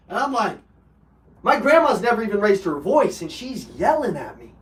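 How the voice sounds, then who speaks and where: Hosting a live personal development call, this man has a high-pitched, very animated voice at a moderate pace. He shares an emotional story about himself in blunt terms, with swearing and filler words, captured from a distance in a roomy space.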